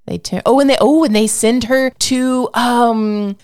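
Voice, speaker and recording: A woman's voice: a little high, a little slow, dry recording, studio quality. Laughing woman chatting about a movie. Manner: laughs often, animated retelling of scenes. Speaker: podcast co-host. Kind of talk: casual movie review chat.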